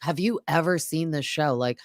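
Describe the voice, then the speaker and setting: A woman's voice: low voice, moderate pace, dry recording, clean studio sound. A woman hosting a podcast, chatting casually and animatedly as she recaps a reality show and acts out quotes. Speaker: podcast host.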